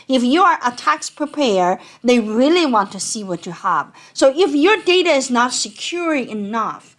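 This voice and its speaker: Accountant lady with a non-native accent, high voice, chatty and explaining. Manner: conversational, animated, explanatory. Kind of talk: educational talk.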